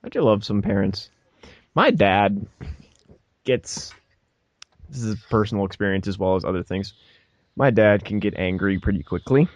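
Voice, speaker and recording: A man's voice: on the low side, moderate pace, pauses often, dry recording, highs cut off. A young man on a podcast, telling a story casually and laughing as he acts out the people in it. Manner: animated, laughs mid-story, acts out voices. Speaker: podcast co-host.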